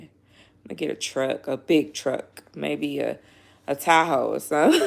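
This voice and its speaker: A woman's voice: fairly low pitch, big pitch swings, measured pace, gravelly. A young pregnant woman chatting casually to camera, blunt and swearing a lot, laughing often, and feeling sick. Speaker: vlogger.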